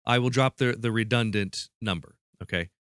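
Man, podcast host, playful quizmaster, mid pitch, dry studio sound. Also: moderate pace, a bit bright, smooth, no room sound. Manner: playful, restarts mid-sentence. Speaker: podcast host running a quiz. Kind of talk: casual podcast chat.

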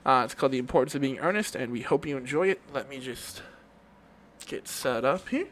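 A man's voice: medium pitch, lively intonation, fairly quick, fairly bright tone, a little hiss or hum. A man co-hosting a podcast in a casual, rambling chat, often laughing and restarting his sentences with fillers. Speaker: podcast co-host.

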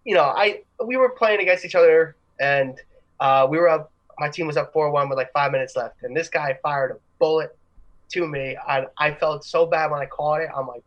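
Young male co-host, slightly high, rambling and giggly storyteller. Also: lively intonation, a little fast, fairly bright tone, lo-fi sound. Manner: rambling, laughing, restarts stories. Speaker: podcast co-host. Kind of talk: casual chat.

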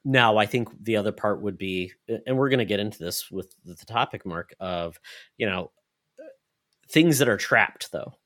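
Low-voiced man co-hosting a podcast. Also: normal speed, a bit bright. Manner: hesitant, repeats words while thinking aloud. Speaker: podcast co-host. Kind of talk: casual chat.

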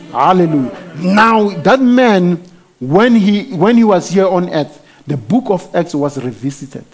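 A man's voice: a little high, a little mellow. A man preaching a sermon, emphatic and punctuated with frequent hallelujahs and amens, climbing to fervent exclamations.

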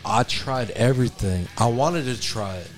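A man's voice: mid-range voice, moderate pace, music in the background. A man co-hosting a podcast, telling rambling crude stories and stumbling over repeated words. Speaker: podcast co-host. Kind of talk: casual crude storytelling.

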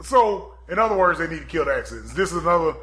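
A man's voice: fairly high pitch, very animated, fast talker, bright, forceful tone. A man hosting a casual podcast chat, laid-back and joking. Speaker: podcast host.

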